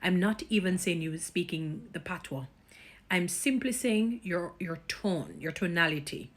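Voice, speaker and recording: Jamaican woman, vlogger, a bit low-pitched, chatty, pet names, drops into patois now and then. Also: a little slow. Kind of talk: casual direct-to-camera commentary.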